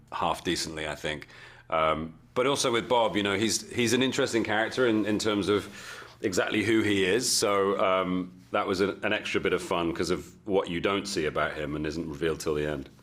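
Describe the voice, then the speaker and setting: Casting: low-pitched English actor in an interview, restarts and fillers, casual. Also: male voice, fairly even intonation, a bit bright. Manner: halting, repeats words and fillers as he thinks.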